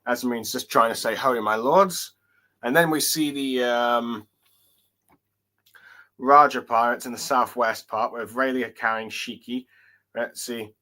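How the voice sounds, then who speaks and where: A man's voice: medium pitch, fairly even intonation, a little slow, bright, forceful tone. A man giving a casual solo review of a manga chapter, hesitant and full of fillers as he reads along. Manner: hesitant, many fillers and restarts while reading along.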